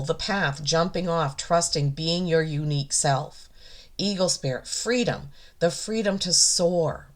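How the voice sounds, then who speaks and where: A woman energy healer giving an oracle card reading, reverent and gushing, emotional and near tears. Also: deep voice. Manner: slow, reverent and gushing, often moved.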